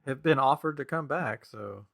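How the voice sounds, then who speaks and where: A man's voice: medium pitch, moderate pace, gravelly, a bit bright. A man co-hosting a casual geek podcast, joking and self-deprecating as he chats. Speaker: podcast co-host. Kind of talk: casual chat.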